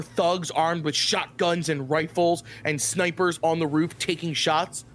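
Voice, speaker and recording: A man's voice: a little high, slight background noise. A man narrating as game master of a tabletop game over a voice call, upbeat and playful with loose narration.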